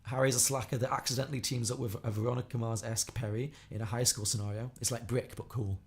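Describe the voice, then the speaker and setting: A quick, chatty man hosting a casual podcast, reading out listener ideas and riffing on them. His pitch sits in an ordinary middle range and he talks briskly. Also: steady tone, creaky. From Liverpool area of England. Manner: quick, chatty, reads listener suggestions aloud with laughs. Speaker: podcast host.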